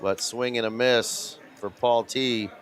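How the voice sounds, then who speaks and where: A man's voice: medium pitch, steady tone, takes it slowly, a bit bright, faint music behind. A man giving live poker color commentary in a joking, playful way.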